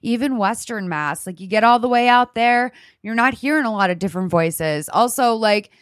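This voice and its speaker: A woman's voice: fairly high pitch, moderate pace, dry recording, clean studio sound. A woman from Massachusetts hosting a radio show, chatting casually in an outspoken, rambling way with many restarts. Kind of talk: casual chat.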